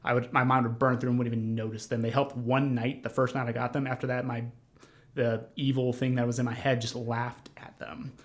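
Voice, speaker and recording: Earnest, flat-voiced young man. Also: mid-range voice, brisk. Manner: earnest, rambling, many fillers and restarts. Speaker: podcast guest. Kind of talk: conversational storytelling.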